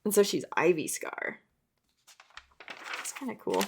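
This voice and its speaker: A woman's voice: medium pitch, animated, measured pace, vocal fry, breathy edge. A young woman narrating a casual sketchbook tour, chatty and self-mocking, laughing at her old drawings. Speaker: art vlogger.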